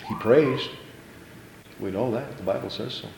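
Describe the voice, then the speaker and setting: A male pastor preaching an impassioned sermon in a church, repeating phrases and stumbling into quick restarts as he builds. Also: lowish voice, vocal fry, a little mellow, echoey room, a little hiss or hum, low-quality recording.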